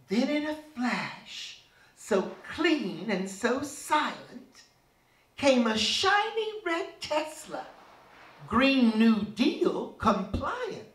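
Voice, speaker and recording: Brief: a campy male drag performer reciting satirical rhyming verse slowly, from a distance. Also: very high-pitched, very animated, sharp tone. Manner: campy, mocking storyteller delivery. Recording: echoey room, voice from a distance.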